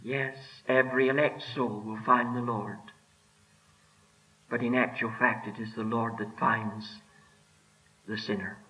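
A man preaching a sermon with emphatic delivery, rising and dropping, slowing right down to stress his words. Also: medium pitch, fairly even intonation, bright, forceful tone. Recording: dull lo-fi sermon recording.

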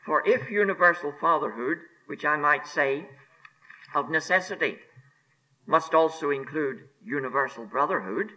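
A man preaching a sermon on scripture, emphatic and deliberate, repeating key phrases and sinking to a hushed near-whisper on solemn words. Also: a little high, expressive, poor audio. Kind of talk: expository sermon.

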